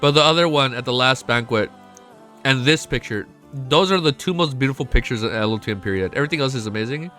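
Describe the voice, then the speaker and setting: A young man streaming to his chat, excitable and emotional, swearing often and reading chat messages aloud. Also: mid-range voice, quick pace, faint music behind. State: emotional, close to tears. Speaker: streamer reacting to a web novel. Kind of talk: casual live-stream chat.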